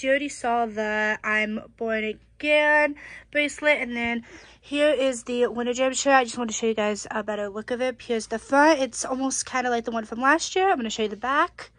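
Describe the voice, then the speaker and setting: A woman's voice: high voice, fairly bright tone, no room sound. A young woman vlogging casually, gushing about her night at a concert event with lots of filler words. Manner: bubbly, gushing, many "like" fillers. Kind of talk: casual vlog chat. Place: concert venue, then at home.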